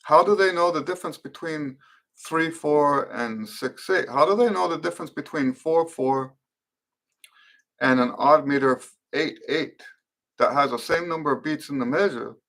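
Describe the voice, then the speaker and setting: During a live-stream Q and A, a middle-aged man teaches trumpet players, explaining thoughtfully and unhurriedly with fillers and restarts. His voice is on the high side and a bit bright.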